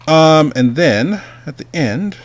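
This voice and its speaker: A man's voice: a little high, lively intonation, takes it slowly. Chatty rambling male host. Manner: rambling, chatty, talks to himself while working. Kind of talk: casual livestream chat and interview.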